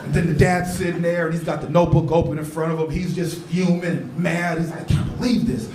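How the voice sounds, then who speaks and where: High-voiced animated man doing stand-up. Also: a little fast, a little hiss or hum. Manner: animated, storytelling, laughing at his own jokes. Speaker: stand-up comedian. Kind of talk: live stand-up set. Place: comedy club stage. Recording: echoey comedy club.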